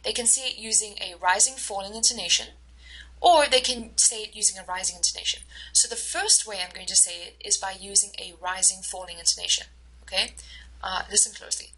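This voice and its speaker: A woman instructor giving a recorded lecture, explaining slowly with many fillers and acting out short example dialogues. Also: mid-range voice, sharp tone, breathy edge, poor audio.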